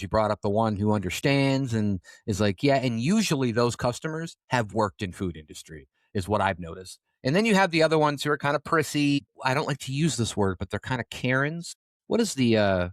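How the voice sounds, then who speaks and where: Rambling, animated man telling stories. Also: mid-range voice, no echo, clean studio sound. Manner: rambling, animated storytelling with frequent fillers and swearing. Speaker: podcast co-host. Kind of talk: casual storytelling chat.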